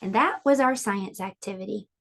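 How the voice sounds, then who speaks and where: A woman's voice: medium pitch, creaky. A woman teaching a preschool lesson online, explaining a science activity and reading a storybook aloud to small children. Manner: sing-song and slow, explaining to small children.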